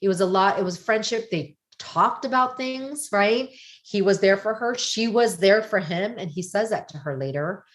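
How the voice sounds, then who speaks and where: A woman talking as a guest on a casual podcast, her voice sitting at an ordinary middle pitch. She explains ideas in a lively, conversational way, stopping often to check in with a quick "right?". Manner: animated, explaining with frequent "right?" asides.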